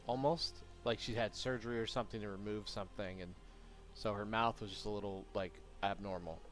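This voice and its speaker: A man with a fairly low voice chats casually on a live stream while coding his game, muttering to himself and then bursting out excitedly when things work. Faint music plays underneath his desk-mic talk. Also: fairly quick. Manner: rambling, self-talk with sudden excited outbursts.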